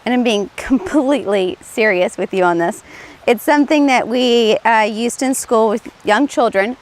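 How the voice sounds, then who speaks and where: Middle-aged woman host, somewhat high voice, earnest and chatty delivery to camera. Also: moderate pace. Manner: conversational and earnest, with light laughs and restarts. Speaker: TV show host; former play therapist. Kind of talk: casual instructional talk to camera.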